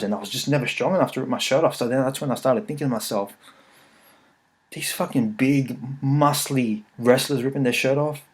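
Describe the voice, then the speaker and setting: A man, hosting a podcast and telling rambling, jokey stories laced with swearing. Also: lowish voice. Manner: rambling, profane, jokey storytelling. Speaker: podcast host. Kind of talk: casual chat.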